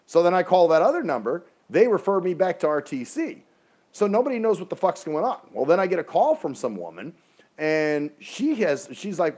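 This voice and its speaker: A man's voice: on the high side, very animated, a little fast, a little mellow. A man telling an exasperated, profane story in a casual ranting livestream, speaking into a phone.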